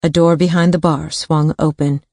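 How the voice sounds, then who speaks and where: A woman reading a thriller audiobook in a steady, even narration on a studio mic. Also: low voice, moderate pace, no echo.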